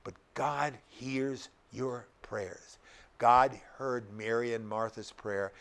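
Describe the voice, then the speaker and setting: A man's voice: medium pitch, steady tone, takes it slowly, fairly bright tone. An older male pastor preaching a sermon, emphatic and often putting rhetorical questions to the congregation.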